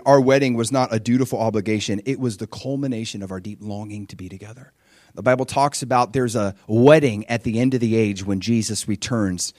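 A young adult man preaching a sermon with animated storytelling, acting out the voices of people in his stories. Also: mid-range voice, no echo, clean studio sound.

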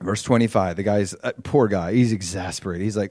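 A middle-aged man preaching a sermon, retelling a scripture story in a conversational way and acting out the quoted voices with lively shifts. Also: on the low side, a little fast, no room sound, clean studio sound. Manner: animated, acts out quoted voices, conversational asides.

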